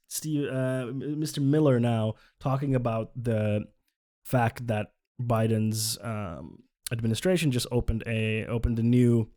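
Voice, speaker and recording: A man's voice: medium pitch, warm tone. Sarcastic man streaming commentary. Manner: sarcastic, exasperated, swearing, laughs often. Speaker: livestreamer. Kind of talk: casual live commentary.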